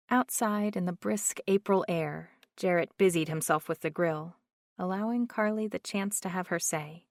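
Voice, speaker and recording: A woman narrating an audiobook in a slow, measured reading. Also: fairly low pitch, no echo, studio quality.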